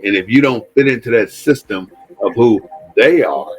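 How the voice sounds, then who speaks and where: A man's voice: on the low side, expressive, normal speed, soft background music, rough recording. A man hosting an impassioned commentary monologue, speaking bluntly and repeating phrases for emphasis, with frequent swearing. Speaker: host.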